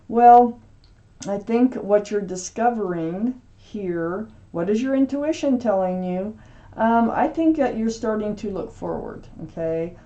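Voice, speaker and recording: A woman giving a casual tarot reading, speaking straight to the viewer in a gentle, reassuring way, often pausing with ums and restarting her sentences. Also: mid-range voice. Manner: halting, with frequent ums and restarts. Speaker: tarot reader.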